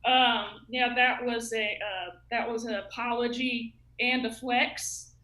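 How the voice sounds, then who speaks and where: A woman's voice: on the high side, little pitch movement, takes it slowly, bright, forceful tone, echoey room, poor audio. A woman in her thirties from Ohio doing a rambling, self-mocking open mic stand-up set, laughing at her own jokes. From Ohio, USA. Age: 30s. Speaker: stand-up comic.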